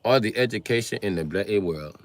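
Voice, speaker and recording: A man's voice: lowish voice, lively intonation, fairly quick, close to an everyday voice. A man putting on a mock British accent to play a snooty man who sneers, dropping "bloody" and "mate". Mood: sneering.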